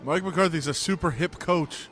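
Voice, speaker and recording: A man's voice: on the high side, moderate pace, fairly bright tone, soft background music. A man as a radio co-host, tossing in short playful interjections from off-mic. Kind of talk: casual sports talk.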